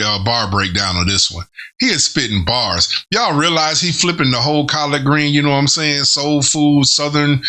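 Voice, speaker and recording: A man hosting a casual album reaction, talking excitedly in loose slang and breaking down the lyrics as he listens. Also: medium pitch. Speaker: host reviewing an album.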